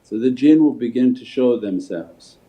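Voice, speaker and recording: Sufi teacher, male, mid-pitched, storytelling sermon, tinny phone-line sound. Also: normal speed. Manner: storytelling teacher, answers questions calmly. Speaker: Sufi shaykh. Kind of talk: spiritual talk and Q&A. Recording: phone-like livestream audio.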